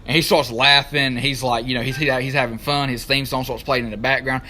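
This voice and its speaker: Man, casual excited recap, rambling, mid pitch. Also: brisk, slight background noise. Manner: animated, rambling, searches for names. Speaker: wrestling talk show co-host.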